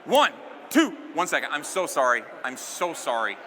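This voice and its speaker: Man, stage magician, playful crowd banter, high voice, live stage. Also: very animated, normal speed, long reverb tail, background noise.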